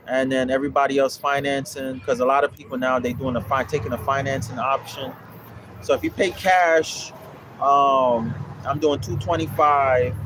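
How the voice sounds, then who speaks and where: A young man with a mid-range voice talks on a livestream, with slight background noise, about the land investing course he runs. He replies to viewers casually, preaching in a blunt, repetitive manner laced with profanity.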